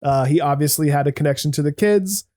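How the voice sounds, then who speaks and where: Podcast co-host, male, mellow tone, wry asides, dry room. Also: fairly high pitch, fast, no room sound. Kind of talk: casual movie discussion.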